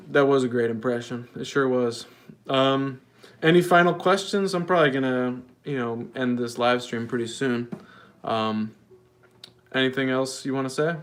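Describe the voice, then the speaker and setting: A man hosting a casual livestream, answering chat questions with deadpan, mock-earnest rambling. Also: medium pitch. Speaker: livestream host.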